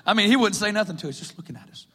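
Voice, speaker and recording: A man's voice: high-pitched, lively intonation, very fast, bright, forceful tone, husky, in a large hall. A man preaching, telling his testimony as a chatty story and laughing often along the way. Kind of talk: personal testimony sermon. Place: stage in a hall.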